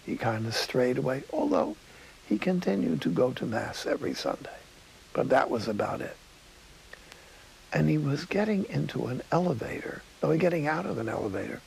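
A man preaching a sermon in a studio, telling stories slowly and dropping to a whisper for emphasis. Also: mid-range voice, gravelly, a little hiss or hum, low-quality recording. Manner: storytelling, slow, drops to a whisper for emphasis.

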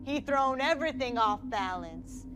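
A woman reading the lines of a cold male killer in a flat, menacing drawl. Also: high-pitched, a little slow, background noise, voice pushed up.

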